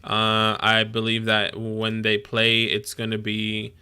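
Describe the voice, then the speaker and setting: An American man co-hosting a casual live stream, agreeable and giving measured picks. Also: fairly low pitch, completely flat delivery, pushed and bright, clear, resonant tone. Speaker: podcast co-host.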